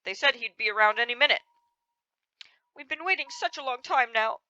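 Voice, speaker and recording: A woman's voice: a little high, lively intonation, fairly quick, sharp tone, no echo, lo-fi sound. A woman voicing a worried expectant father in a hospital game scene, pleading anxiously for help.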